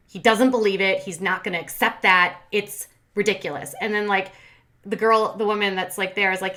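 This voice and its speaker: A woman's voice: medium pitch, steady tone, fairly quick, pushed and bright. A woman hosting a commentary channel, casually recapping a reality show and retelling scenes in a chatty way with many fillers. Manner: chatty, lots of fillers and retold quotes.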